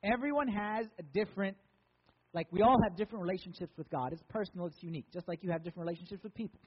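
Husky high-voiced man preaching. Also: very fast, big-room sound, lo-fi sound. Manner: conversational, joking, emphatic. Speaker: pastor. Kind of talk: sermon.

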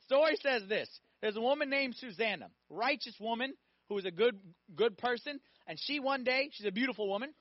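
High-voiced man preaching a lively sermon. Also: fairly quick, dry recording, dull audio. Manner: animated storytelling, acting out voices, asks audience questions.

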